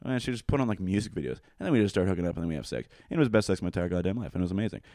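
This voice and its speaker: A young man with a low-pitched voice tells a rambling story at a quick clip, peppering it with fillers and swearing. The sound is close and dry, with no room around it. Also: lively intonation, dark tone, no echo. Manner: rambling, profane, full of fillers. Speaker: guest telling a story. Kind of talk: casual storytelling chat.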